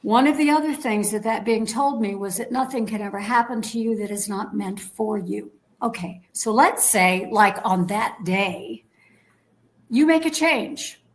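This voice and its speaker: A woman guest in an interview, telling a personal story in a lively way, acting out the dialogue and checking in with her listeners. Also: mid-range voice, unhurried, low-quality recording. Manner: animated storyteller, acts out quoted dialogue, checks in with "okay?".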